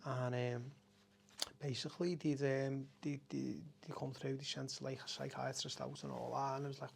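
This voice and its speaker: A man's voice: medium pitch, little pitch movement, brisk, vocal fry, a little mellow, a little hiss or hum. A middle-aged man, a café owner speaking candidly as a podcast guest, raw and emotional, swearing often and breaking off to restart his sentences. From Liverpool, England. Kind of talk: candid conversational storytelling.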